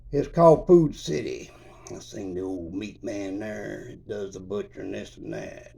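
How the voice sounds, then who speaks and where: Man, heavy gravelly fry, dark mellow tone, low-ish voice, rambling folksy storytelling. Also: unhurried. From Kentucky. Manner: folksy, repetitive, with constant "I said" and dialect grammar. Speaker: traveler telling his own story.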